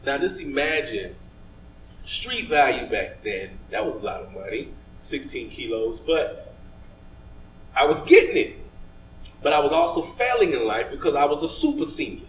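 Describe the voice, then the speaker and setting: A middle-aged man from Miami, a podcast guest, giving measured advice and telling stories with laughter, recorded in an indoor studio. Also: medium pitch, very animated. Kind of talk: storytelling conversation. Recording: echoey room, mic at a distance, faint noise.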